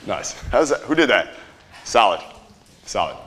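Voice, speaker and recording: Casual low-voiced seminar presenter man. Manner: casual, profane, asks audience to repeat after him. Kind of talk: live seminar teaching. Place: seminar room with live audience.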